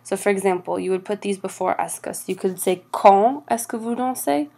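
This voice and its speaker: A woman teaching French grammar over slides, patient and steady, slowing down for each example phrase. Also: medium pitch, creaky.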